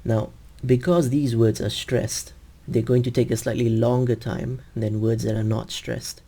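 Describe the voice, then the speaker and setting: Guy teaching english on a zoom call, slow patient explaining, mellow kinda raspy voice. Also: medium pitch, little pitch movement. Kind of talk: screen-share teaching demo.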